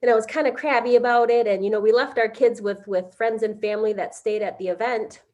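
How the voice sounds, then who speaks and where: Middle-aged woman, higher register, unpolished storyteller who stops and restarts often. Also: fairly even intonation, a little mellow, lo-fi sound. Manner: halting, full of fillers and restarts. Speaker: interviewee. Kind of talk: casual storytelling.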